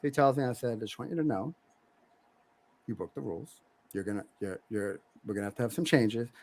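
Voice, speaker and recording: A man's voice: mid-range voice, a little fast, a little mellow. A middle-aged man co-hosting a podcast, telling a family story in casual chat and acting out his kids' voices. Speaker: podcast co-host.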